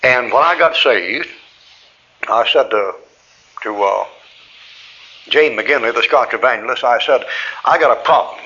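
A man's voice: mid-range voice, measured pace, long pauses, bright, forceful tone, dull audio. A man preaching a sermon, telling a personal story in a folksy way and acting out both sides of each conversation.

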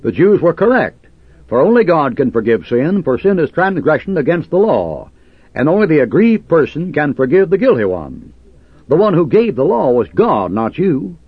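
Combative male preacher, husky and animated, on a dry, lo-fi recording. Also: fairly high pitch, moderate pace, no echo. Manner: combative, sarcastic, preaching in old King James cadence. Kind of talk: fiery fundamentalist sermon.

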